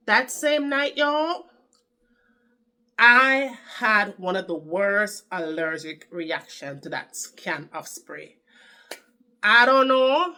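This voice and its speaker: Bright-voiced Jamaican woman vlogging. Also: mid-range voice, animated, takes it slowly. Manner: chatty, dramatic storyteller addressing viewers. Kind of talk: casual chat to camera.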